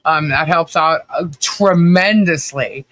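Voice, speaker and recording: A man's voice: fairly high pitch, slow, a bit bright, no room sound. A man hosting a casual livestream, telling rambling stories with lots of fillers and laughter. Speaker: livestream host. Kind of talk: casual chat.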